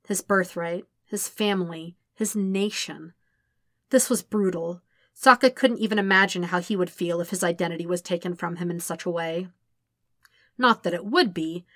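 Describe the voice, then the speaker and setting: A woman reading fan fiction aloud as a steady, measured audiobook narrator. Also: on the low side, dry recording, clean studio sound. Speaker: podfic reader.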